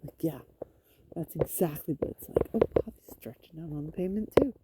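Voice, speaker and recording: A woman's voice: low-pitched, lively intonation, a little fast, heavy background noise. A woman venting in a rambling, frustrated monologue, swearing and talking to her cats outdoors on a road. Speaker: vlogger.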